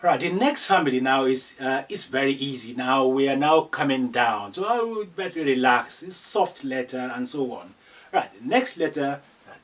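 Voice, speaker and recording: A man teaching letters slowly and patiently, repeating each sound many times. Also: medium pitch, a bit bright. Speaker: Arabic teacher. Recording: somewhat distant from the mic.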